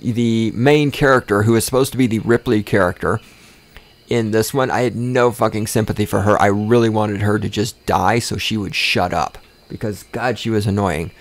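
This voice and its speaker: A man's voice: fairly low pitch, fairly even intonation, moderate pace. A man hosting a podcast, ranting casually with lots of swearing and sarcasm, often repeating words and restarting sentences when worked up. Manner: sarcastic, swears often, mocks with exaggerated voices. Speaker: podcast host. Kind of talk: casual profane rant.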